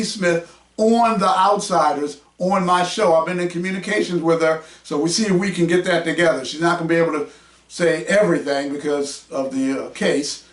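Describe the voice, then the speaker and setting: A man hosting his own podcast, combative and mocking, raising his voice to a shout as he rants. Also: high-pitched. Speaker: podcast host. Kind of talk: heated podcast rant. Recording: roomy echo, mic at a distance.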